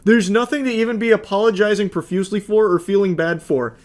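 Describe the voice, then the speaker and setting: A man in his thirties giving sarcastic, profane, deadpan commentary while reading text messages aloud. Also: high-pitched, quick pace. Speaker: commentary host.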